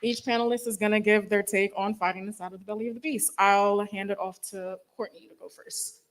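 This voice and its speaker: A woman moderating a symposium, reading speaker introductions in a steady, measured way. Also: medium pitch, poor audio.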